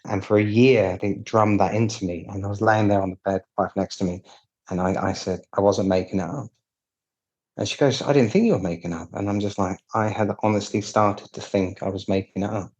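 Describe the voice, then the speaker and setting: Husky-voiced British man telling his story. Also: lowish voice, level tone, a little fast, darkish tone. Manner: candid, wry, acts out quoted dialogue with restarts. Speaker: piano technician guest. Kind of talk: casual storytelling interview.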